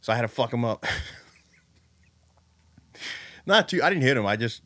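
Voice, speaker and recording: A man in casual podcast chat, telling a rough story with a lot of swearing and animated energy. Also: medium pitch, racing, no echo.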